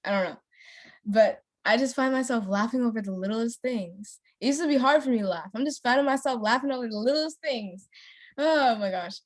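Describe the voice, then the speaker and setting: A woman's voice: fairly high pitch, a little fast. A young adult woman chatting casually as a gameplay vlogger, rambling with many fillers and laughing easily. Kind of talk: casual chat while playing a story game.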